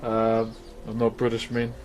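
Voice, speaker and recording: Slow, laid-back New Zealand man. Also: on the low side, completely flat delivery, a little mellow, soft background music. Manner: laid-back, laughs often, slangy. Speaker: streamer and woodcarver. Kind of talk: casual live-stream chat while carving.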